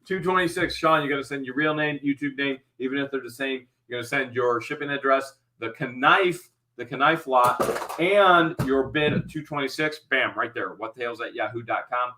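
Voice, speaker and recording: A man hosting a live-stream auction, calling out bids quickly and then chatting and explaining the items. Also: mid-range voice, sharp tone, poor audio. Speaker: host.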